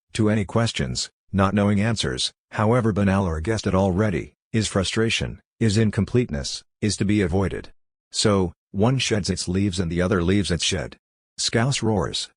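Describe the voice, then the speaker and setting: A man narrating a literary audiobook in a measured, reflective way. His voice sits very low and deep. The recording is dry and close, with no room sound. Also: dry recording.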